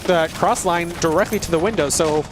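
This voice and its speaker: Male esports caster, high voice, tactical breakdowns, noisy feed. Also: fairly quick. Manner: detailed, tactical, conversational. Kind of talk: play-by-play commentary. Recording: noisy background.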